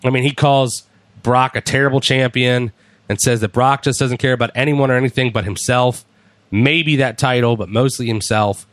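Guy hosting a chat show, animated retelling, dry close sound, mid pitch. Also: moderate pace, dry recording. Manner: animated storyteller, acts out quotes. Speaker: podcast host. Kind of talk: casual chat recapping wrestling.

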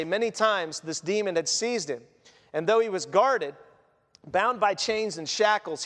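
Animated man preaching in a reverberant hall. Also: sits high. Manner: animated, acts out scenes and voices from the story. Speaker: pastor. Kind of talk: sermon.

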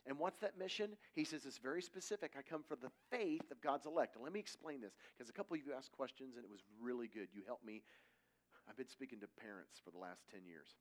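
A middle-aged man giving a conversational sermon, telling stories casually and acting out quoted voices. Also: medium pitch. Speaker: preacher.

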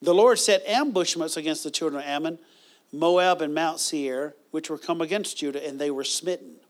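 High-voiced man preaching a sermon. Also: normal speed. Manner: conversational preaching with bursts of loud praise. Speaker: pastor.

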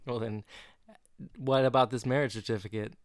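Joking man podcast co-host, clear voice. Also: mid-range voice, steady tone, moderate pace, no echo, studio quality. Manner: joking, playful banter. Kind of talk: casual chat recapping a sitcom.

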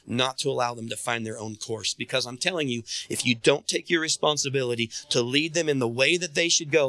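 A pastor preaching a sermon in a bright, forceful man's voice. He calls out to the congregation and presses them to answer back. The sound is close and dry. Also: mid-range voice, no room sound.

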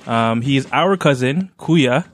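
A man hosts a casual podcast in an upbeat, joking way, laughing along with his friends. His voice sits in a middle pitch. The sound is dry and close. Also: animated, measured pace, no room sound. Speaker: podcast host.

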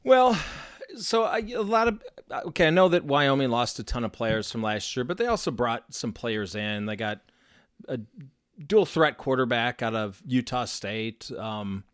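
A man's voice: mid-range voice, expressive, unhurried, smooth, dry recording, clean studio sound. A man co-hosting a sports podcast who thinks aloud and hedges his opinions in casual chat. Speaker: podcast co-host.

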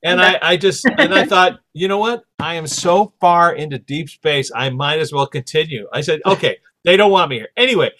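Man, podcast host, casual storytelling, animated, slightly high voice. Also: normal speed, hardly any pauses. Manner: animated, acts out quoted voices.

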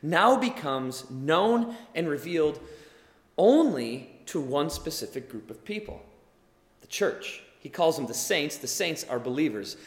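A man's voice: fairly high pitch, sing-song, unhurried. A young man preaching a sermon, explaining earnestly and building to emphatic bursts, in a church hall. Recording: echoey hall with long reverb.

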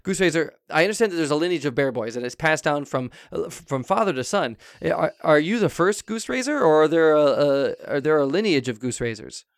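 A man's voice: fairly high pitch, expressive, fairly quick, hardly any pauses, no echo, clean studio sound. A man playing a flustered talk show host in an improvised comedy interview, stammering through many restarts.

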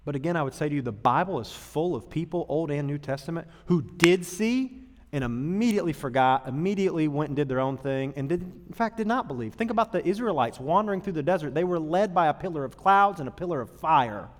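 A man preaches a sermon in a chatty, humorous way, slipping into quick impressions of the people he quotes. His voice sits a little high for a man. The sound rings with the long reverb of a large hall. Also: lively intonation. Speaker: pastor.

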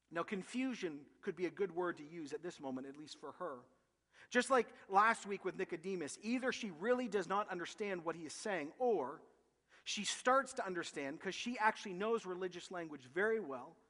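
A man preaching a sermon as pastor, emphatic and animated, often acting out quotes from scripture. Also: high-pitched, moderate pace. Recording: long hall reverb.

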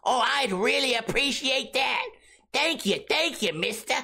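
A man's voice: very high voice, animated, a little slow, vocal fry, pushed and bright, breathy edge, pitched above the performer's own voice, exaggerated voice. A man putting on the voice of a polite old-timey underage boy who pleads with a stranger to buy him beer. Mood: pleading. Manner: pleading, overly polite, sing-song.

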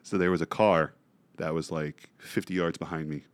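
A man's voice: extremely low pitch, normal speed. A young man co-hosting a casual podcast chat, telling a story with lots of swearing and acted-out reactions. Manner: animated storyteller, swears freely, acts out his own reactions. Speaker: podcast co-host.

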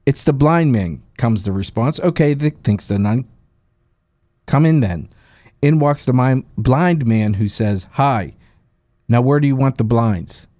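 A man co-hosting a radio show, reading corny jokes with a drawn-out deadpan delivery. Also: mid-range voice, no echo. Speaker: radio co-host. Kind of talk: casual joke-telling banter.

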